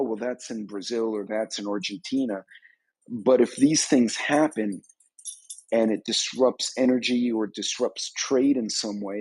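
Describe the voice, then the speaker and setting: Man, husky voice, dry close sound, rambling live-stream commentary. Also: medium pitch, darkish tone, dry recording, poor audio. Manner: rambling, conversational. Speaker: host of a preparedness channel.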